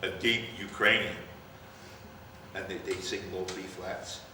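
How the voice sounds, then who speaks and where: An older man conducting a band rehearsal, coaching players and calling out cues in an animated way. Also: sits low, measured pace. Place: large rehearsal hall. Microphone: distant room mic. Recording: far-off echoey hall, noisy.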